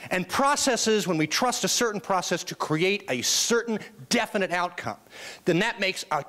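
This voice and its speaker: Lively, animated man telling funny stories. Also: high-pitched, normal speed. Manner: animated comic storyteller. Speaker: motivational speaker. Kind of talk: humorous keynote storytelling.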